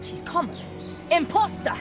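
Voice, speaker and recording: A woman's voice: sits high, a little slow, music in the background. A woman voicing a pompous, upper-class twelve-year-old boy with a plummy, theatrical manner. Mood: scornful.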